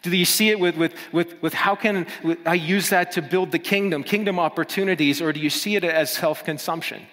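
Playful pastor preaching in a reverberant hall. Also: male voice, on the high side, fairly quick, a bit bright. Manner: casual, playful, repeats himself, acts out voices. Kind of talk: sermon. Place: church. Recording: long church hall reverb.

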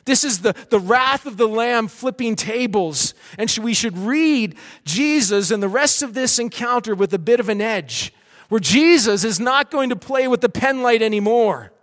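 A man preaching a sermon with animated delivery, acting out cheering crowds. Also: very high voice, normal speed, long reverb tail.

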